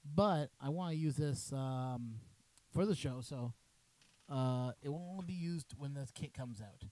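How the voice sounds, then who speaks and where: A man's voice: medium pitch, a little slow, a little mellow, no room sound, rough recording. A middle-aged man from Canada, rambling casually as he tests a cheap wireless microphone for his maker livestream. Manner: rambling, chatty, jokey. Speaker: maker channel host. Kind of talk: casual mic test livestream.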